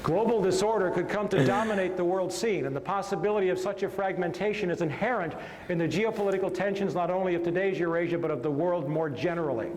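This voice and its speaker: A man's voice: high-pitched, a little mellow. A man reading a book aloud on a podcast, dropping in sarcastic asides between passages. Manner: measured reading broken by mocking asides. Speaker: podcast co-host. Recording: echoey room with long reverb.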